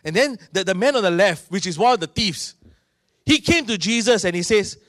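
A middle-aged man with a Singaporean English accent, preaching a sermon in an animated storytelling manner. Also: high voice, a little fast, dry recording, studio quality. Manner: animated storytelling, acting out voices of people in his stories. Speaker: pastor.

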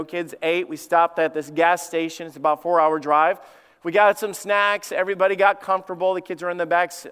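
A middle-aged man preaching a storytelling sermon as lead pastor in a church, animated and poking fun at himself. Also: high-pitched, clear, resonant tone. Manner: animated, self-mocking humor. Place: church sanctuary. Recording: long hall reverb.

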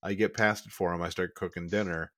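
A man's voice: low voice, steady tone, fairly bright tone, no room sound, clean studio sound. A man co-hosting a podcast who rambles and corrects himself as he chats casually. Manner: rambling, self-correcting, quick laughs. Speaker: podcast co-host. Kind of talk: casual chat.

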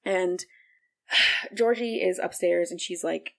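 A young woman co-hosts a podcast, recapping a book in loose, casual chat that wanders and leans heavily on "like" and other fillers. Her voice sits on the low side, slow and gravelly, with a slightly bright edge.

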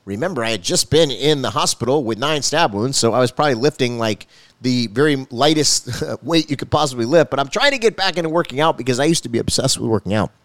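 Male pastor, quick earnest testimony, dry close sound. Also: mid-range voice, expressive, a bit bright, no room sound. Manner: earnest storytelling with rising emphasis. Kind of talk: personal faith testimony.

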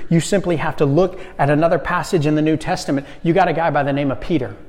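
Man preaching in a reverberant hall. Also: a little high. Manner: animated, swings from loud to hushed. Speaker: youth pastor. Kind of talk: sermon.

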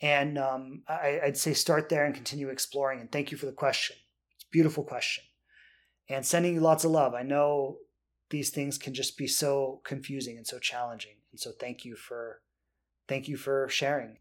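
A man's voice: medium pitch, little pitch movement, moderate pace. A man coaching on relationships, answering listener questions in an earnest way and often checking in with "right?".

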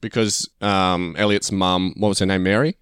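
A man's voice: sits low, level tone, moderate pace, a bit bright, clean tone, no echo, studio quality. A man co-hosting a podcast, casually narrating a made-up story with a playful, chuckling manner. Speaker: podcast co-host. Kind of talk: casual chat, pitching a story.

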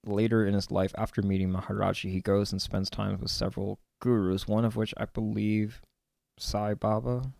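A man giving a meandering, reflective spiritual monologue about a card reading, musing aloud with many pauses and the odd whispered aside, speaking from his own land. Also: fairly low pitch, flat delivery, vocal fry, darkish tone, no room sound. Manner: meandering and musing, with many fillers and stretched-out words.

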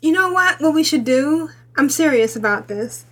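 A woman's voice: high-pitched, lively intonation, normal speed. A woman hosting a gaming podcast, chatty and laughing often in casual conversation. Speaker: podcast host. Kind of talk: casual chat.

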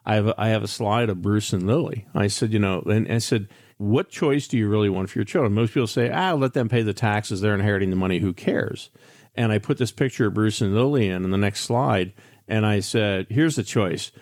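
A man's voice: on the low side, fairly quick, a little mellow, dry recording, clean studio sound. An older man hosting a financial radio show, telling frank stories in a candid, chatty way with many restarts. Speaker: financial advisor radio host. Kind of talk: radio talk monologue.

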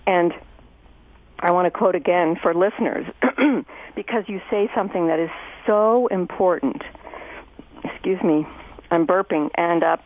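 A woman therapist hosts a conversational interview, speaking effusively and enthusiastically with many restarts. Her voice is fairly low, and the audio is phone-like lo-fi radio sound with no echo.

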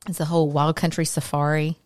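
A woman's voice: low voice, level tone, fast talker. A middle-aged woman co-hosting a casual podcast, nostalgic and jumping between random thoughts. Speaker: podcast co-host. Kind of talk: casual chat.

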